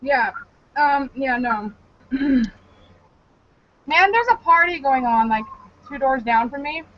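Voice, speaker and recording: A woman's voice: high voice, animated, slow pace, dull audio. A woman co-hosting a casual podcast chat, giggling often. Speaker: podcast co-host.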